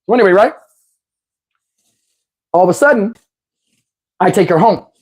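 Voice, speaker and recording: Husky-voiced man telling a street story. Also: sits high, expressive, normal speed. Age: adult, looking back on his youth. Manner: streetwise, profane, loose and conversational. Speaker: channel host telling a personal story. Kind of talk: casual storytelling to camera.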